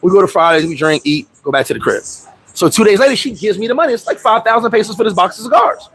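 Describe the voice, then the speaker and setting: A man hosting a casual livestream, telling stories in a profane, animated way, with loud outbursts, and answering viewer comments. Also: high voice, quick pace, slight background noise, low-quality recording. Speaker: livestream host.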